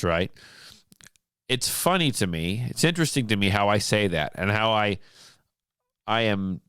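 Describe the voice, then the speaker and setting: A man with a lowish, smooth and resonant voice hosts a podcast in a relaxed spoken monologue. He tells stories with exasperated animation and frequent restarts. The recording is dry and close. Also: no room sound. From United States. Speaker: podcast host. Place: home studio.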